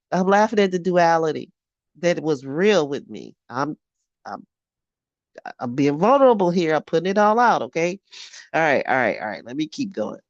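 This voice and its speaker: A woman in her fifties with a deep voice reads aloud from her own journal in a candid vlog, on a muffled recording with no echo. She speaks frankly, swears freely, and often laughs at herself.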